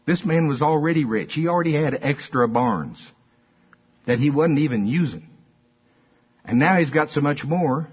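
A man's voice: a little high, lively intonation, normal speed, long pauses, husky. An older man preaching a sermon in a folksy, conversational way. He repeats his points and draws call-and-response from the congregation. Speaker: pastor. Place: church. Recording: dull lo-fi sermon recording.

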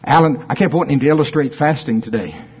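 A man's voice: mid-range voice, quick pace, slightly rough, lo-fi sound. A middle-aged male preacher preaching a sermon, telling stories playfully and acting out voices. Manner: animated storytelling, playful, acts out voices.

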